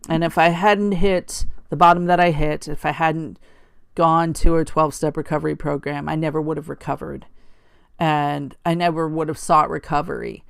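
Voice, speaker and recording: On her podcast, a candid middle-aged woman with a deep, gravelly, dry voice offers a personal reflective monologue with no room sound. She speaks conversationally, stopping and restarting, and voices her father in a raised, sweet way.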